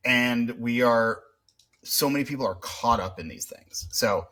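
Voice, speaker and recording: A man's voice: medium pitch, unhurried, fairly bright tone. A man co-hosting a podcast in casual, reflective chat, with hesitations and some swearing. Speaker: podcast co-host.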